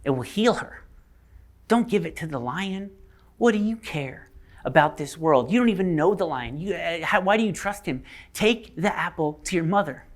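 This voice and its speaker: Man playing a soft-spoken, tempting witch, sly and coaxing. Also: fairly high pitch, slow pace, pauses often.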